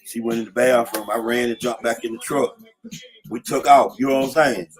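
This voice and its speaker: A man's voice: mid-range voice, steady tone, fairly quick, soft background music. A middle-aged man casually telling old street stories, slangy, often saying "you know what I'm saying". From Atlanta, USA. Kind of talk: casual storytelling. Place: in a car.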